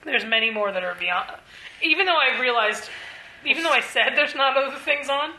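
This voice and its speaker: A woman's voice: high voice, animated, fairly quick, pushed and bright. A woman co-hosting a casual TV podcast, chatty and wry, often answering "right". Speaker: podcast co-host. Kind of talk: casual chat. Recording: roomy echo.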